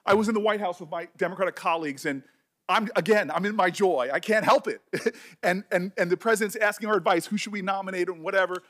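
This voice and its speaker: An impassioned middle-aged man speaks at a formal hearing, his voice sitting higher than most men's. He talks with deep emotion and keeps stumbling and restarting his words as feeling catches up with him. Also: quick pace, fairly bright tone. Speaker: senator. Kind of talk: speech at a hearing.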